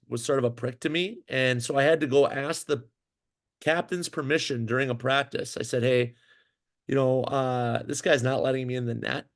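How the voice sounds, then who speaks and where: A man, a former pro hockey goalie, telling a long story in a casual interview, full of fillers and restarts. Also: medium pitch. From Minnesota. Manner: animated, rambling storyteller with many fillers and restarts.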